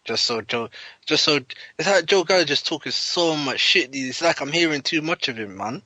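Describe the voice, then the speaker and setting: A man's voice: on the high side, lively intonation, a little fast, bright, forceful tone, no room sound, low-quality recording. A man co-hosting a casual podcast chat, blunt and mocking, often laughing. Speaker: podcast co-host.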